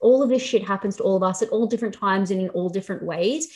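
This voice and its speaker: A woman's voice: mid-range voice, fast talker, a little mellow. A young woman hosting a podcast, a fitness coach talking candidly and reassuringly, with plenty of swearing. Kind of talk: casual podcast chat.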